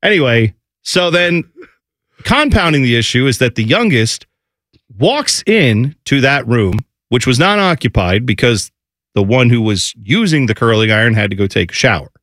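Animated dad telling a story. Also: male voice, mid-range voice, moderate pace, no room sound, studio quality. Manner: animated, acts out family voices, laughs while telling. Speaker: radio show co-host. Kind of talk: casual morning-show storytelling.

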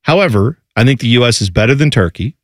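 A man hosts a casual sports talk show, explaining the game in a chatty, teaching way and throwing in jokes. His pitch swings widely as he talks. The sound is dry, with no room echo. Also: expressive, quick pace. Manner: chatty, explanatory, jokey asides.

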